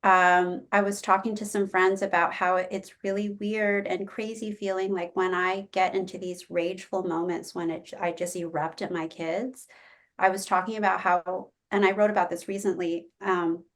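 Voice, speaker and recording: A woman's voice: on the low side, flat delivery, normal speed, fairly bright tone. A woman in casual podcast chat, openly and reflectively telling a story about her parenting. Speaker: podcast guest.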